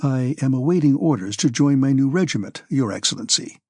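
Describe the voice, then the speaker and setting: A man voicing a reserved young officer who answers quietly and respectfully. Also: medium pitch, moderate pace, no room sound, clean studio sound, natural voice.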